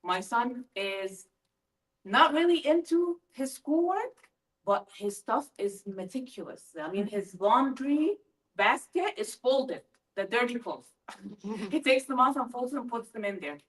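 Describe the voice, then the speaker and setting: A middle-aged woman giving a lively parent workshop talk, asking her audience questions as she goes. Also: medium pitch, unhurried. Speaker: school family-engagement presenter. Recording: voice from a distance from the mic.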